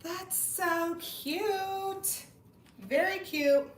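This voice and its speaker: A woman's voice: very high-pitched, drawn-out words, recorded from a distance, a little hiss or hum. A woman in her thirties hosting a casual livestream, bubbly and gushing as she chats with viewers. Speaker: livestream host. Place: home room. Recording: echoey room, away from the mic.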